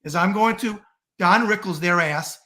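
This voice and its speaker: A man's voice: high voice, normal speed, pushed and bright. A middle-aged man from the United States, a podcast guest talking politics in a blunt, profane, emphatic rant. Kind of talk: heated political talk.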